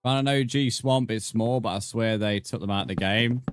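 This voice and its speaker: A man's voice: on the low side, normal speed, background noise. A man chatting casually on a game live stream, bantering with viewers, swearing, and counting blocks aloud. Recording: background music under voice.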